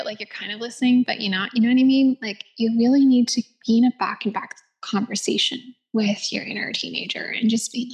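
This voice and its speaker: Chatty woman with a higher voice. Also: darkish tone. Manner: chatty, many "like"s, laughs easily, drops to a whisper at times. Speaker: yoga instructor. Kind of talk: casual reflective self-help talk.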